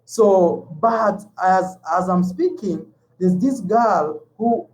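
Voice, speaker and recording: High-pitched and expressive, this man from Kenya takes his time, speaking with a Kenyan accent and a darkish tone. As a travel vlogger he chats casually, repeating himself and calling viewers "man," on a low-quality recording.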